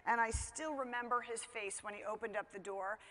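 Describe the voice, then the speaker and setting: A middle-aged woman with a fairly high voice tells a family story on stage. She talks in a loose, chatty way, with plenty of fillers and easy self-deprecation. Her voice rings out with a long hall reverb. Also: steady tone, a little fast, a bit bright. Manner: conversational, chatty, many fillers like "you know", laughs at herself. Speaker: speaker telling a parenting story. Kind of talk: personal storytelling talk.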